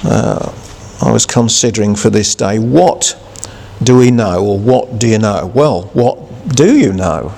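A man preaching a sermon who reads scripture, then speaks haltingly with many restarts and fillers. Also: on the low side, animated, gravelly, mellow, in a large hall.

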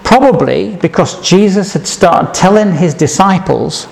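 A man's voice: sits high, animated, measured pace, gravelly. A man preaching a sermon, reading scripture aloud and putting questions to his listeners.

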